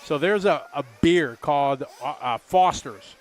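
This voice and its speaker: A man in his fifties doing relaxed, rambling live race commentary, chatty and jokey. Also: a little high, a little slow. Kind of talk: casual live commentary chat.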